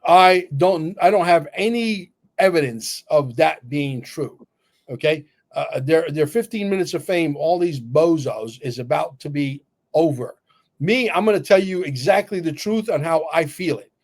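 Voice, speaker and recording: A man co-hosting a livestream, talking bluntly and emphatically, cursing and filling pauses with "uh". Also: on the high side, a little mellow. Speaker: livestream co-host. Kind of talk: opinionated livestream talk.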